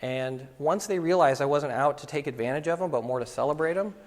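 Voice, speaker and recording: Here a middle-aged man speaks briskly in a slightly high voice, telling photography students stories in a relaxed talk and performing the voices of those he quotes. The setting is a lecture hall at the school, with long, hall-like reverb.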